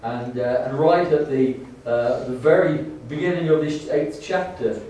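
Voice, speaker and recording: A man preaching a sermon in a church, halting with many restarts and rising to fervent emphasis. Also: mid-range voice, dark tone, slight background noise. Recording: echoey church hall, distant mic.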